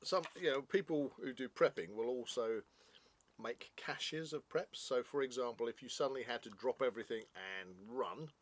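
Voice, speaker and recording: A man chats through a food review in a relaxed, joking way. His voice sits at an ordinary middle pitch, and he tends to ramble into long explanations. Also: moderate pace. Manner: chatty, jokey, explains at length. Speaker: product reviewer, co-host. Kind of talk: casual review chat.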